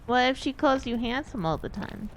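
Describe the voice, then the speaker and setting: A woman's voice: fairly high pitch, animated, moderate pace, slight background noise. A woman streamer chatting casually and candidly, rambling a little and swearing offhandedly.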